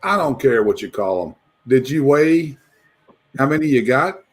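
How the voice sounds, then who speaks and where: A man hosting a casual live chat, lively and rambling, laughing often. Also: mid-range voice, normal speed.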